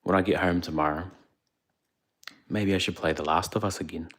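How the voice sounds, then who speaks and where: A young man from India, chatting quietly on a livestream into his phone so he won't wake the people around him. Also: low-pitched, fairly even intonation, moderate pace. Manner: speaking quietly, hushed. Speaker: streamer. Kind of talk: casual livestream chat. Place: indoors away from home, others asleep.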